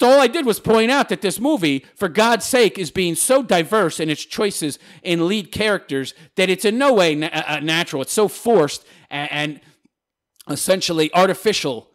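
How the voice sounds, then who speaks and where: A man's voice: sits high, animated, moderate pace, a bit bright. A man hosting a channel, reading viewer comments aloud and answering them in a sarcastic, mocking, combative rant. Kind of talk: ranting commentary.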